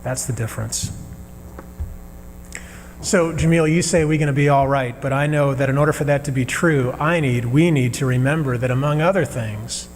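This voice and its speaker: A man preaching a sermon as minister, earnest and measured, pausing between phrases. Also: medium pitch. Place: church sanctuary. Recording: reverberant sanctuary with faint hum.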